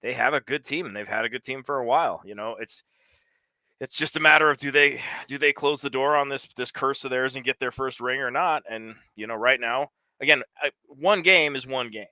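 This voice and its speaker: Bright-voiced blunt sports co-host. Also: male voice, mid-range voice, fairly quick, no room sound. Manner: blunt, profane, sarcastic. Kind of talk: casual sports chat.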